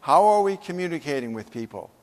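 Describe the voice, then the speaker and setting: A man's voice: fairly high pitch, big pitch swings, a little fast, a little mellow. A man giving a humorous, emphatic motivational keynote speech at a conference, full of stories. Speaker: keynote speaker. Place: conference hall. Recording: echoey conference hall.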